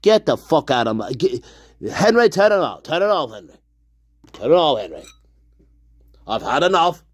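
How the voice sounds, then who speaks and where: A man voicing a cranky, ranting man who shouts profane insults and demands his whiskey. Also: on the high side, sing-song, moderate pace, dry recording, clean studio sound. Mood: exasperated.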